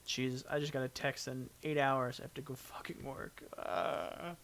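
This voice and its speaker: A man's voice: medium pitch, flat delivery, normal speed, fairly bright tone. A young man co-hosting a podcast, chatting casually and joking around. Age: young adult. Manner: joking, banter-heavy. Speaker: podcast co-host. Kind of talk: casual chat.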